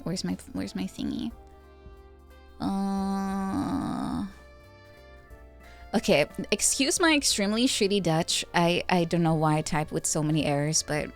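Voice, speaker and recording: A woman's voice: mid-range voice, fairly bright tone. A woman streaming from her apartment in Japan, chatting casually, laughing often and poking fun at herself.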